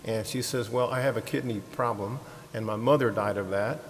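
A man telling a ministry story to a congregation, animated, acting out the people he quotes, with frequent restarts and repeated words. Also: on the low side, normal speed. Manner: animated, acts out quoted voices, laughs easily. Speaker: ministry leader. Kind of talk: sermon-style storytelling. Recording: long hall reverb, faint hiss.

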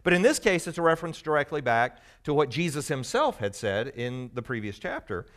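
A man leads a Bible teaching for a live group in a loose, conversational way. His pitch sits in an ordinary middle range for a man. He explains patiently and teases his listeners now and then. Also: very animated, fairly quick, a bit bright. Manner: conversational and explanatory, teasing the audience.

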